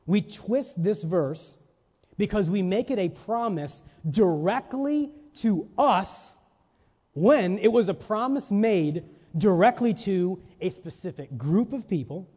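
Male preacher, high mellow voice, sermon with emphatic rhetorical questions, long church-hall reverb, dull lo-fi recording. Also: expressive, slow, husky. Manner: rhetorical questions and checks with listeners; emphatic, stressing single words.

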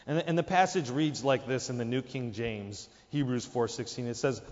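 A man's voice: medium pitch, moderate pace, few pauses, darkish tone, long reverb tail, muffled recording. A man preaching a sermon, emphatic, his voice jumping up for quoted lines. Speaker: pastor.

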